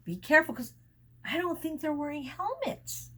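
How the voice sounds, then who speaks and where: A woman teacher reading a picture book aloud to children, pausing often to explain words and adding sound effects and asides. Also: high-pitched, very animated, sharp tone.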